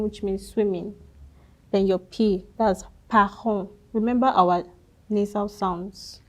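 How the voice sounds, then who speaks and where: A woman gives a French pronunciation lesson at an unhurried pace. Her voice is mellow and soft-edged, with a mid-range pitch. She spells out letters patiently and models each sound. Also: fairly even intonation, low-quality recording. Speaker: French teacher. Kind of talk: slow instructional lesson.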